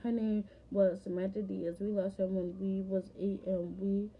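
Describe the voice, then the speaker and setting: A woman's voice: medium pitch, flat delivery, normal speed, mellow, husky, rough recording. A woman telling a personal story in a casual vlog, rambling and full of fillers. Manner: rambling, filler-heavy retelling. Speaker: vlogger.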